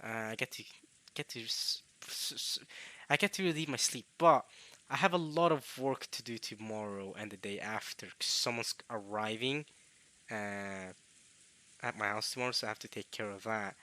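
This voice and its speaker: Tired young man with a bright voice. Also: fairly low pitch, dry recording. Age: young adult. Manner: rambling, halting, with coughs and throat-clearing. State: tired, strained voice. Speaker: let's play host. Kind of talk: casual late-night let's play commentary.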